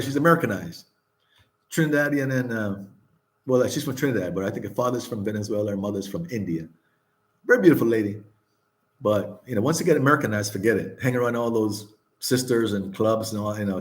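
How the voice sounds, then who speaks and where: Older man, vlog host, casual candid storyteller who laughs often and swears freely; mid-pitched voice. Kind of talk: casual chat.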